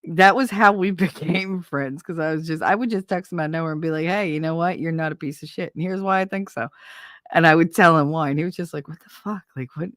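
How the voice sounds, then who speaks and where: A woman's voice: sits low, fast, a bit bright, no echo, clean studio sound. A woman hosting a casual livestream from a home setup on a desk microphone. She rambles in loose, stream-of-consciousness chat, swears freely and laughs often. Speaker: livestream host.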